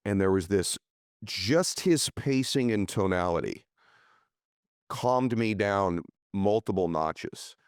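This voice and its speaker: A middle-aged man hosting a podcast, talking in an energetic, emphatic motivational way, reading ads and asking questions. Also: lowish voice, slow pace, clear, resonant tone, dry recording, studio quality. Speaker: podcast host. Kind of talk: podcast interview and ad reads.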